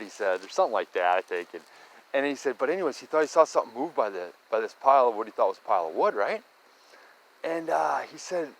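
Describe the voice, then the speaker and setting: Man, middle-aged, mid-pitched, rambling storyteller, keeps saying right and okay. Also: rough recording. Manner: rambling, restarts often, tags lines with "right?" and "okay?". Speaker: storyteller recounting local sightings.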